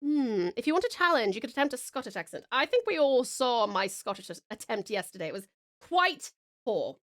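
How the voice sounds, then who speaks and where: A woman's voice: fairly high pitch, big pitch swings, moderate pace, a bit bright, dry recording, clean studio sound. A woman from Australia, a streamer and voice actor, chatting casually on a livestream, full of ums and calling viewers darling.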